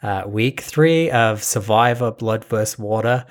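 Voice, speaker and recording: Male podcast host, low voice, loose chatty delivery with plenty of ums. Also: a little slow. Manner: relaxed, hesitant with fillers. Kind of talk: casual recap chat.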